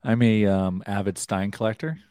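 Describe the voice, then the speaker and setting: A man's voice: on the low side, normal speed, mellow, smooth, no room sound. A man co-hosting a hockey talk show from his home basement, talking loosely with plenty of fillers and restarts. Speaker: co-host, hockey analyst. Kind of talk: casual sports talk show. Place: home basement, door closed.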